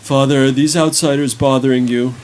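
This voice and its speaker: A man's voice: mid-range voice, steady tone, a little fast, a little mellow, voice pushed up, close to an everyday voice. A man playing a wary, protective young worker. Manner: suspicious, blunt and protective.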